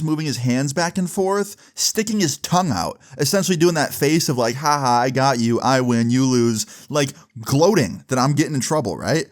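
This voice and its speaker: A young man casually telling a story to camera, exasperated and swearing freely. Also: on the high side. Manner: profane, exasperated retelling. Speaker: storytelling vlogger.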